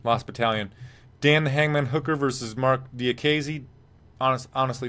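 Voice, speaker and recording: A man hosting a live MMA podcast, speaking in a loose, rambling way. He reads viewer comments out and gives blunt, offhand opinions. His voice sits at an ordinary middle pitch. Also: steady tone, moderate pace, a bit bright, clear, resonant tone. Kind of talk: casual live-stream fight talk.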